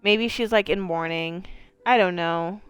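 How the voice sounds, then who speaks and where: A woman game streamer offers casual, rambling commentary as she plays, full of fillers, the occasional swear word and easy laughter. Her lowish voice is clear and resonant and a little slow, though the recording is muffled.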